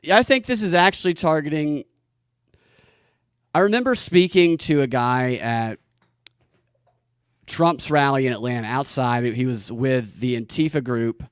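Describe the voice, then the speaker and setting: A man's voice: mid-range voice, no echo, clean studio sound. A man hosting a comedy podcast, joking wryly and laughing often in casual chat. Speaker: podcast host.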